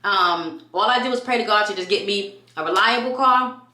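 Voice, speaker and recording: A woman chats through a casual vlog, animated and quick to act out what people said. Her voice is bright and forceful. The room around her is echoey. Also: mid-range voice. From New York. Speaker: vlogger.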